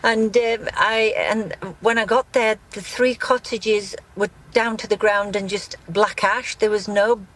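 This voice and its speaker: Shaken woman, halting speech. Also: mid-range voice, fairly even intonation, fairly bright tone, poor audio. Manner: halting, shaken, many restarts. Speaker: interviewee, grieving mother. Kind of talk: live news interview.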